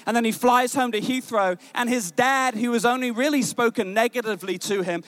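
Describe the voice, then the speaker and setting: High-voiced storytelling male preacher. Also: clean tone, no room sound. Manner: animated storytelling, many repeated words and restarts; rises in pitch and slows when exhorting. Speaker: pastor. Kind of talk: sermon with personal stories. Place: church stage.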